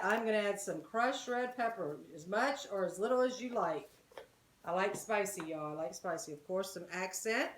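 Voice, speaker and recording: A woman's voice: medium pitch, slight background noise. Chatty woman cooking in an echoey kitchen. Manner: chatty, talks straight to viewers as "guys" and "y'all". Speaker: home cooking channel host. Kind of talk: casual cooking demonstration. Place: home kitchen.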